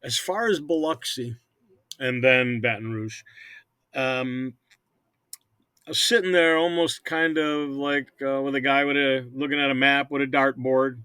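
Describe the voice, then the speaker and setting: An older man talks at length about running his hockey teams, his voice bright and forceful. He rambles and stumbles over repeated words in a casual interview. The sound is dry and close, with no room around it. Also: mid-range voice, steady tone, a little slow, clear, resonant tone, no echo. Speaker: hockey team owner.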